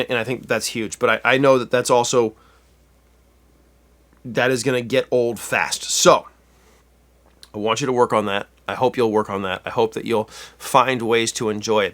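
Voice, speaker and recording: A man with a mid-range, slightly bright voice gives a casual guitar lesson. He's chatty and corrects himself as he goes, counting the beats out loud while he plays.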